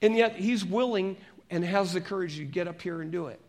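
Guy pastor with a pretty high voice, reads scripture slow then chats with the church like they're friends. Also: a little mellow. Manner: conversational, asks the congregation questions; reads scripture slowly and deliberately. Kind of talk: sermon with scripture reading.

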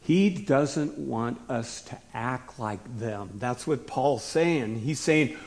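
A hoarse man preaching a sermon as pastor, often putting questions to the listeners and stopping now and then to cough. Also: mid-range voice, expressive, slow, hardly any pauses, a little mellow.

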